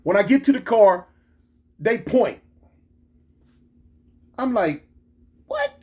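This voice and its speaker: Animated Los man telling a story. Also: high-pitched, slow pace, breathy edge. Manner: animated, slangy, switches into excited quoted voices. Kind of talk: casual storytelling.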